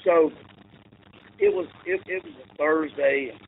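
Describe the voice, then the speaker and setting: A man's voice: a little high, huge pitch swings, unhurried, gravelly, breathy edge. A man, a football coach telling rambling stories in a casual chat. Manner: rambling anecdotes with laughs and restarts. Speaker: interview guest, football coach. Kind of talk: casual storytelling. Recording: tinny phone-like call audio with faint noise.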